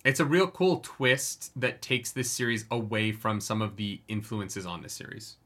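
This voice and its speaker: A man's voice: lowish voice, moderate pace, bright, forceful tone. A man co-hosting a podcast, chatting casually and animatedly about a novel and swearing freely. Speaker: podcast co-host. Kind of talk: casual book discussion.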